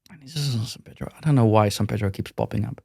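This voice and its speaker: Man, podcast guest, lowish voice, dry close mic, rambles and restarts a lot. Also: fast, gravelly, mellow, slightly rough, dry recording. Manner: rambling, frequent restarts and repeated words. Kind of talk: casual interview conversation.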